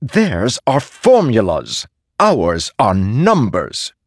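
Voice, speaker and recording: A man's voice: lowish voice, huge pitch swings, no room sound, studio quality, pitched above the performer's own voice, heavily acted. A man voicing an insecure male spirit made of stars, who speaks hesitantly and apologetically. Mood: anxious earnest. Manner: hesitant, halting, pleading.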